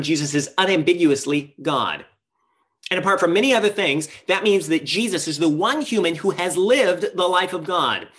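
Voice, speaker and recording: A man's voice: a little high, a bit bright. A man preaching a sermon as pastor, earnest and emphatic, asking rhetorical questions and shifting his pace.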